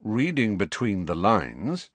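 A man's voice: on the low side, sing-song, takes it slowly, no echo, full character voice. A man voicing a wry, laid-back teenage boy in an audiobook, speaking in an offhand, dry way. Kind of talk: audiobook character reading.

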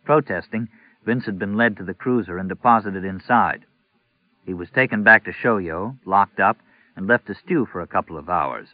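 A man narrating a novel in a measured, steady read. His voice is fairly low. The audio is thin and narrow with no room sound. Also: no echo. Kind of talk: scripted narration. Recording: tinny narrow-band audio, dry.

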